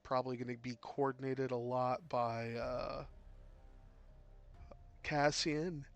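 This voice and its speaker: A man's voice: medium pitch, takes it slowly, vocal fry. Tired, drawling male game commentator. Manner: relaxed, rambling, with many fillers and yawns.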